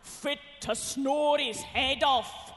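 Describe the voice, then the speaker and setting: A woman's voice: high-pitched, extremely slow, fairly bright tone, heavily acted. Tweedledum, a blunt scornful twin, as a woman puts him on. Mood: drawling. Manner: dry, contemptuous, blunt. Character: blunt, contemptuous little twin brother, Tweedledum. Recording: long hall reverb, music behind.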